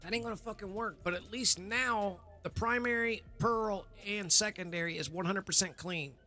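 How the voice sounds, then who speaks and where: A man's voice: high-pitched, normal speed, sharp tone, faint music behind. A man hosting a live gaming stream, chatting loosely with viewers, rambling and swearing casually. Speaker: livestream host. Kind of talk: casual livestream chat.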